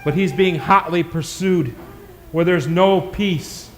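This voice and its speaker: A man preaching a sermon in a church, swinging from shouted climaxes to hushed, quick asides. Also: a little high, big-room sound, a little hiss or hum. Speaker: pastor.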